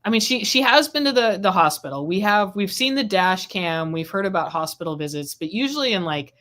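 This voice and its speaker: A woman's voice: mid-range voice, expressive, fairly quick, fairly bright tone. A woman hosting a casual talk about a court trial, chatty and rambling with frequent restarts, speaking over a video call. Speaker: legal affairs host.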